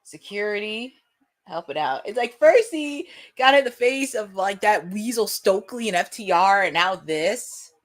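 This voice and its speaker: A young woman hosting a live watch-along, chatting and reacting excitedly with frequent laughs. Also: mid-range voice, unhurried.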